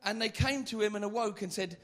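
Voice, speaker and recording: A man preaching an animated, comic evangelistic sermon at a church meeting, acting out the stories he tells. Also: sits high, brisk. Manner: animated, comic storytelling with acted-out voices.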